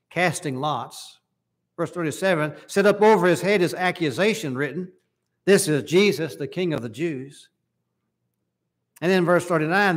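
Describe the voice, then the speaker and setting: Preacher reading scripture in a sermon. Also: male voice, on the high side. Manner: reads scripture aloud in King James wording, asks the hearers questions. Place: church service.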